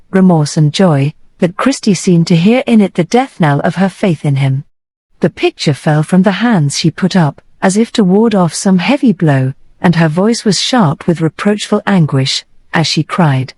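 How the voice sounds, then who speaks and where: A woman narrating a classic novel as an audiobook, with a measured, expressive reading. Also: fairly low pitch, no echo, rough recording.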